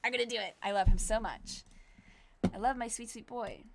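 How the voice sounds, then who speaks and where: A young woman in her twenties streaming a dating game, chatting casually, excitable and giggly, swearing now and then. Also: a little high, fairly quick, a little hiss or hum. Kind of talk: casual gameplay commentary.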